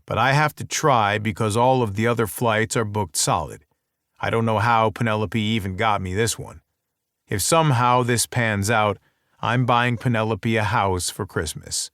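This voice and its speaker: A man with a fairly low voice reads a first-person romance audiobook, close to a studio mic in a dry, dead room. His delivery is wry and intimate, like private inner monologue. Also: fairly bright tone, dry recording. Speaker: audiobook narrator.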